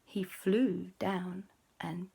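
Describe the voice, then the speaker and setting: A woman hosting a children's show, telling a story in a lively, animated way with gasps and sound effects. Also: fairly low pitch, very slow, vocal fry, husky.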